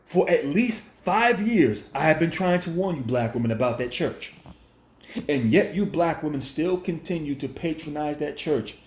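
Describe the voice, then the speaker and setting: A man's voice: on the high side, lively intonation, moderate pace. Preachy ranting man in echoey room. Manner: confrontational, preachy, repetitive. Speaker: commentary vlogger. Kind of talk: ranting monologue commentary.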